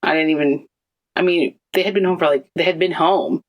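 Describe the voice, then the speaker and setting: A woman guest in her thirties telling her story in a casual interview, animated and acting out what others said. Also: sits low, a little fast. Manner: animated, acts out quoted voices.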